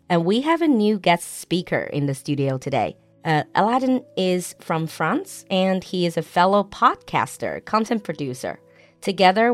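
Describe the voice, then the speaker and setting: Lower-pitched woman hosting a podcast. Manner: upbeat, friendly, asks questions. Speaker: podcast host.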